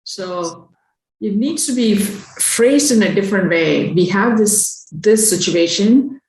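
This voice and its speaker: A woman's voice: medium pitch, unhurried, darkish tone, echoey room, rough recording. A woman taking part in a workshop discussion, questioning the example and reasoning it out aloud. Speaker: workshop participant. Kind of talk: discussion comment.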